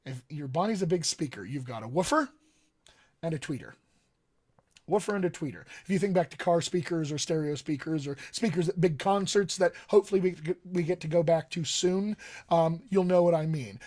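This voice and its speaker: A dialect coach at his home studio desk gives a casual live-streamed voice lesson, speaking conversationally to viewers with frequent ums. His voice is on the high side with a darkish tone.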